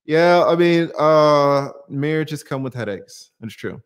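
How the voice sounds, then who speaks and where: Male stream host, high pitched, punchy rhetorical delivery, reads and answers chat. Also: lively intonation, slow, smooth. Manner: emphatic, rhetorical questions, casual swearing. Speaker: channel host answering viewer comments. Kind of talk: livestream commentary.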